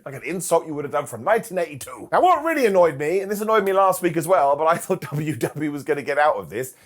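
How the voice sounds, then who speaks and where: A man giving a casual, comedic recap of a wrestling show, joking and mimicking people in quick silly voices. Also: on the high side, very animated.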